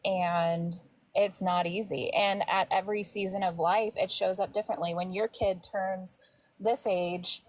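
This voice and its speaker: A woman's voice: medium pitch, fairly even intonation, measured pace, darkish tone, no room sound, rough recording. A woman co-hosting a call-in show, talking reflectively and earnestly with casual fillers. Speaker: co-host. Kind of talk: casual livestream chat.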